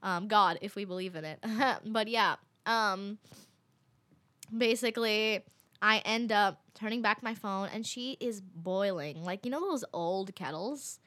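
Young woman, bright voice, chatty casual storyteller, heavy on fillers. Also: mid-range voice, unhurried.

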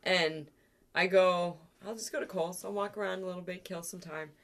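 A woman's voice: on the low side, moderate pace. A woman, co-hosting a casual chat and telling stories with lots of laughter. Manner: laughing, animated anecdote-telling with quoted voices. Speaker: podcast co-host.

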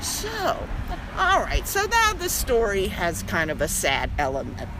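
Lively older woman telling a story outdoors. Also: a little slow. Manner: lively, laughing storyteller with big pitch jumps. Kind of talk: animated personal storytelling. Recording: outdoor recording with street noise.

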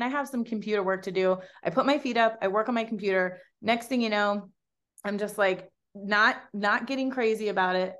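Woman guest in her young adult years; chatty, animated storyteller who voices her own quotes. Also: medium pitch, fairly quick. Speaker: guest, pro bikini competitor. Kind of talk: casual storytelling chat.

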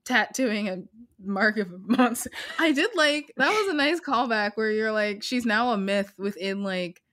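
A young woman co-hosting a podcast, chatty and self-mocking, talking in quick bursts. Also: a little high, expressive, fairly bright tone. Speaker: podcast co-host. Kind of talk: casual chat.

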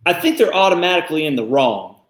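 A man co-hosting a casual discussion, thinking aloud in a thoughtful, halting way with frequent restarts. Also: on the high side, big pitch swings, echoey room. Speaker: podcast co-host.

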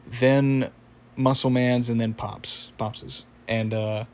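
A man's voice: mid-range voice, little pitch movement, slow pace, darkish tone. A young man casually recapping a cartoon episode, rambling with fillers and laughs.

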